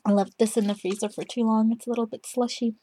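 A woman's voice: a little high, little pitch movement, fast talker, mellow, a little hiss or hum. Self-amused young woman practicing her voice. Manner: self-mocking, amused, laughs at herself. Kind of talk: casual voice practice monologue.

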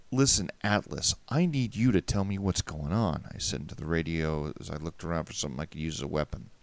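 A man narrating a first-person story in a wry, measured way. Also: low voice, dry recording.

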